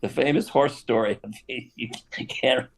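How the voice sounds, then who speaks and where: An older man telling a story casually on a live stream, animated, with laughs and asides. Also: mid-range voice, takes it slowly, husky. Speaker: guest actor telling stories.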